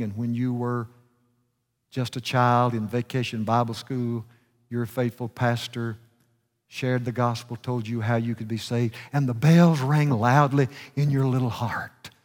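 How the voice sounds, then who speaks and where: A man's voice: medium pitch, fairly even intonation, measured pace, darkish tone. A male preacher delivering a fervent sermon and telling a story, his voice swelling and dropping for emphasis. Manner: fervent, rising and falling for emphasis. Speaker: guest preacher. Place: church sanctuary. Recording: reverberant church hall.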